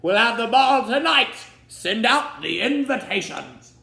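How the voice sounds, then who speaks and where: A man voicing an impatient old king who demands and shouts, in a roomy echo. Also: very high-pitched, sing-song, measured pace, vocal fry, voice pushed up, exaggerated voice. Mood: blustering. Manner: loud, demanding.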